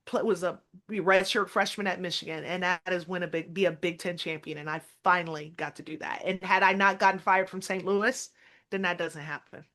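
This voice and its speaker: A woman's voice: fairly low pitch, steady tone, fairly quick, a bit bright. A woman basketball coach being interviewed, telling her story emphatically and often quoting her own past words.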